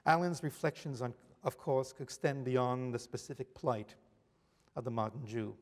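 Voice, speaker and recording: A middle-aged man giving a formal academic lecture, reading measured prose from notes and now and then stumbling and correcting himself. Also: medium pitch, darkish tone. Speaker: university lecturer. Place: large lecture hall. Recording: lecture hall with long reverb.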